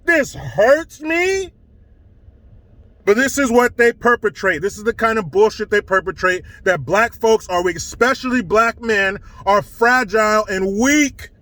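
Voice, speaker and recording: A man's voice: sits high, moderate pace, few pauses, bright, forceful tone, dry recording. A man giving a profane, sarcastic rant as an online commentator, mocking as he goes. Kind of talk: ranting commentary.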